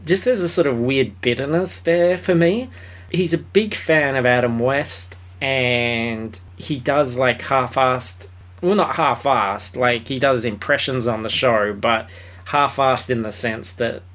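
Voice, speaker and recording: A man's voice: medium pitch, unhurried, fairly bright tone. A man co-hosting a film review podcast, talking in a loose, rambling way with fillers, restarts and casual swearing. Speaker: podcast co-host.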